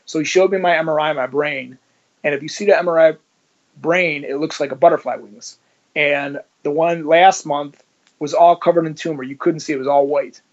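A man's voice: on the high side, fairly even intonation, moderate pace. A man telling his own story in an interview, swearing and acting out every exchange. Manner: vivid, swears, acts out dialogue. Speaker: interview guest. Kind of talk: personal storytelling. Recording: dull lo-fi sound.

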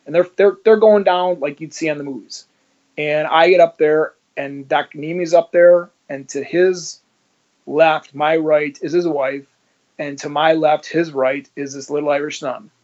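A man's voice: fairly high pitch, steady tone, unhurried, darkish tone. A man telling his own story in an interview, swearing and acting out every exchange. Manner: vivid, swears, acts out dialogue. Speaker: interview guest. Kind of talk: personal storytelling. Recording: dull lo-fi sound.

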